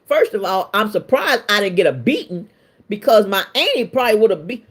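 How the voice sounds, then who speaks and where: Middle-aged woman, stream host, lively storyteller with a wide-ranging pitch and a colloquial, self-mocking delivery. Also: moderate pace, husky. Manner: animated, laughs often, colloquial and self-mocking. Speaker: livestream host. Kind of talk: casual storytelling to a live chat.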